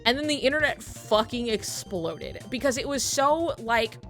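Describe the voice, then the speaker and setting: A woman's voice: on the high side, expressive, normal speed, few pauses, a bit bright, soft background music. A woman streaming at home while drawing, telling a long story to her chat in a rambling, casual way with lots of fillers and laughing asides.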